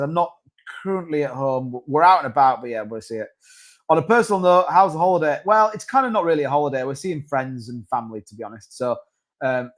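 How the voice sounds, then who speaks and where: A man hosting a casual crypto live stream, rambling and reading out viewer comments. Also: mid-range voice.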